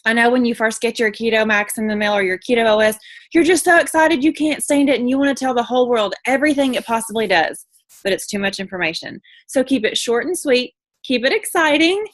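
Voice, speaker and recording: Woman, upbeat team trainer, chatty, lots of ums, slightly high voice. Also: a little fast, no echo. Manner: bubbly, chatty, many fillers. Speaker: network marketing team leader. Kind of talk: casual training talk.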